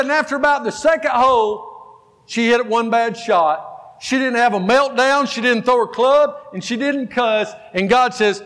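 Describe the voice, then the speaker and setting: A man's voice: very high-pitched, unhurried. Fired-up preacher in his fifties. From Georgia, US. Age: 50s. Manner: animated storytelling preacher, exhorting the congregation. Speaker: pastor. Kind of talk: sermon. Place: church sanctuary. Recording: long reverb of a church hall.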